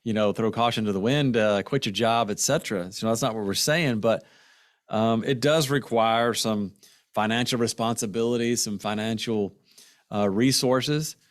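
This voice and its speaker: A man's voice: fairly low pitch, moderate pace, no echo, clean studio sound. A middle-aged man hosting a finance podcast, telling stories in loose, rambling casual chat. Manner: storytelling, rambling with fillers and restarts. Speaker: podcast host and financial planner.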